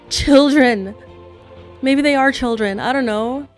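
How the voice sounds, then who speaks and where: Watching K-pop clips for her reaction video, this female host gushes, exclaims, chats casually and laughs a lot. She has a high voice and speaks slowly over soft background music, with the show's audio running beneath her.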